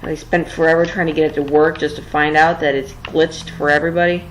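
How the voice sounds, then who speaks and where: This low-voiced woman talks fast with a flat delivery on a rough recording with a little hiss or hum. Tired late at night, the gameplay commentator rambles through casual let's-play talk while building, a bit flustered and self-deprecating.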